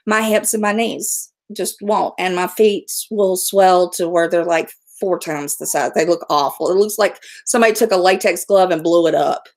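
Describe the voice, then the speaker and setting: A woman's voice: on the low side, moderate pace, hardly any pauses, darkish tone. A middle-aged woman hosting a casual livestream, talking bluntly, swearing freely and laughing often. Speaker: livestream host.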